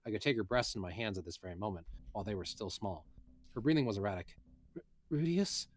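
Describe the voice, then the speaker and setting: A man's voice: fairly low pitch, quick pace. A man, a voice actor, reading a light novel aloud in a casual way, with muttered asides and self-corrections.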